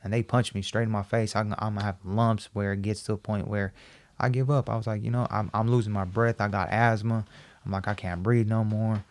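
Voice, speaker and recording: A man with a somewhat low voice speaks as a guest on a podcast interview. He tells a personal story in an animated way, often repeating himself and acting out the lines of other people. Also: fairly quick. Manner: animated, acts out quoted dialogue, repeats himself.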